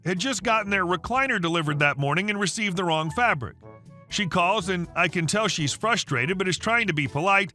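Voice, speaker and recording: A man narrating an online story in the first person, in a brisk, chatty way. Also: sits high, sharp tone.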